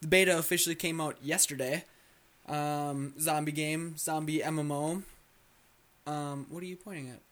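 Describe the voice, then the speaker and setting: A young man co-hosting a casual gaming chat show, telling stories excitedly, with lots of restarts and swearing. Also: on the high side, normal speed. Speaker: co-host.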